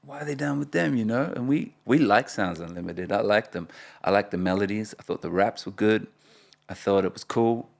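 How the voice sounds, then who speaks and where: A man in his forties, a rapper guest in a casual interview, telling animated stories and laughing often. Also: fairly low pitch, normal speed. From Australia (Perth).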